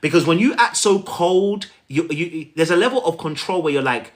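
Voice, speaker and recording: Man, coaching talk to camera; slightly high, animated, repeats himself for emphasis. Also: fairly quick. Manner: animated, repetitive, talks straight to the viewer. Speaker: relationship coach.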